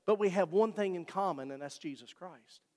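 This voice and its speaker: A man's voice: sits high, moderate pace, darkish tone. A man preaching a sermon in a church, talking to the congregation in a conversational way and joking with them. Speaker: pastor. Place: church sanctuary. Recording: long reverb of a church hall.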